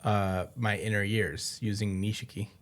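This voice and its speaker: A man's voice: lowish voice, steady tone, normal speed. A man co-hosting a podcast in casual chat, mostly giving short replies and correcting details. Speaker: podcast co-host.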